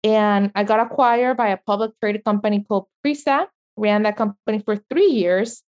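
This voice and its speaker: A middle-aged woman with a strong Mexican accent talks about her work with lively passion, laughing easily as she goes. Her voice sits in the middle range for a woman and comes through a dull, slightly lo-fi line. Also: mid-range voice, normal speed. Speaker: guest, media entrepreneur. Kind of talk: interview conversation.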